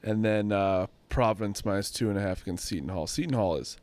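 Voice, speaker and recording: A man's voice: lowish voice, fast talker, darkish tone. A man co-hosting a sports betting show, chatting loosely with lots of filler words and trailing sentences. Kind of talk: casual panel chat.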